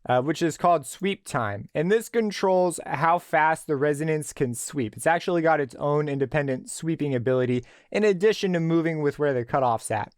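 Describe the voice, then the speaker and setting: A man giving a relaxed, screen-recorded tutorial on a synthesizer plugin, explaining as he tweaks settings. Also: a little high, normal speed, few pauses, no room sound, clean studio sound. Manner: relaxed explanatory, thinking aloud with fillers. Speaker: music production tutor.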